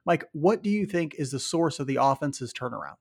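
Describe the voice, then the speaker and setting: A man's voice: fairly high pitch, animated, brisk, vocal fry, darkish tone. A man co-hosting a casual sports podcast, breaking down stats and reading a sponsor spot. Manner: analytical, reads ad copy and stats. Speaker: podcast co-host.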